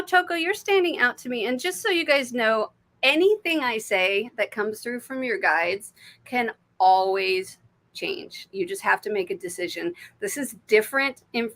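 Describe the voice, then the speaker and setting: A woman's voice: mid-range voice, fairly bright tone. A woman with an American accent giving live intuitive card readings. She talks in a chatty, swearing way, laughing often and dropping to murmurs when she asks for messages. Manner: drops to murmurs and whispers when asking spirit. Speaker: intuitive reader.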